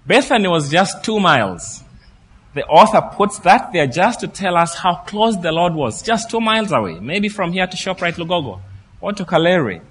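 A man preaching a sermon, telling the story in a lively way and acting out what the people in it say. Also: high-pitched, normal speed, slightly rough, long reverb tail. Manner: lively storytelling preacher who acts out the quoted speech.

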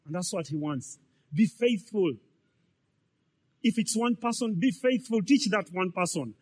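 A man's voice: high voice, expressive, unhurried, a little mellow, slightly rough. A man, preaching a sermon in a conversational way, full of repetitions and rhetorical questions. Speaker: pastor.

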